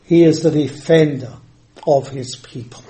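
A man's voice: on the high side, dark tone. An older man preaching a sermon, emphatic, drawing out words and shifting his volume. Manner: emphatic, varies pace and volume, drawn-out words. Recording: echoey hall.

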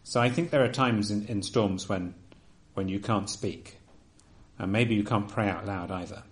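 A man preaching a sermon, earnest and emphatic, often dropping to a soft, quiet delivery. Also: lowish voice, normal speed.

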